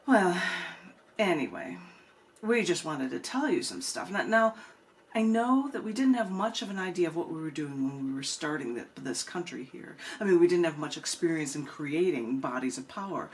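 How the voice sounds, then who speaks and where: A woman's voice: sits low, lively intonation, moderate pace. A woman voicing a blustery, preachy male ghost of a founding father who calls on the phone and lectures. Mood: apologetic.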